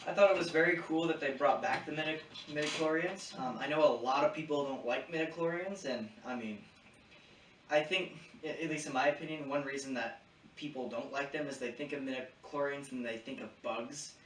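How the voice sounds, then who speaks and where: A man's voice: fairly high pitch, fairly quick, a bit bright. A man co-hosting a podcast, casually recapping a show's plot. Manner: retells plot casually, slipping into quoted voices. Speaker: podcast co-host. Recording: echoey room, distant mic, faint hum.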